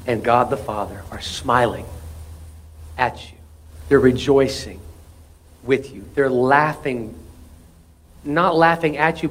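A man pastor preaching a sermon, animated, with laughing asides, swinging from loud exclamations to soft, intimate lines. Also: medium pitch.

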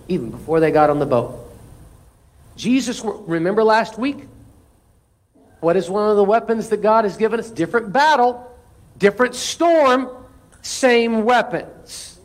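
A man with a high voice for his sex preaches to his congregation. He drives home his points by repeating them and calls on the listeners to answer back. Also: animated, normal speed. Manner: emphatic preaching with call-and-response. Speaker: pastor. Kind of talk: sermon.

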